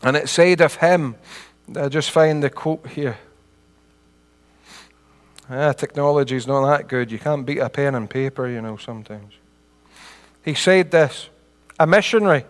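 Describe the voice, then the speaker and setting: A man's voice: medium pitch, unhurried, long pauses, big-room sound. A middle-aged man with a Scottish accent preaching a sermon in an earnest, homely way, building to emphatic peaks.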